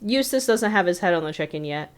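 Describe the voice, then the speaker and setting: A woman's voice: lowish voice, animated, quick pace. A woman co-hosting a podcast, casually recapping a cartoon episode in a rambling way full of "like" and fillers. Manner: rambling, filler-heavy retelling with frequent "like". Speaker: podcast co-host.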